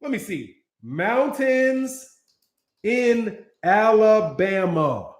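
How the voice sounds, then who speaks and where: A high-voiced American man hosts his own boxing channel. He rants in loose, profane street slang, rambling and restarting as his points pile up. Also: sing-song, extremely slow. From United States. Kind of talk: casual ranting commentary.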